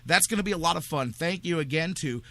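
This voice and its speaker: A man hosting a sports talk radio show, talking in an energetic, rambling, excitable way. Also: on the high side, quick pace.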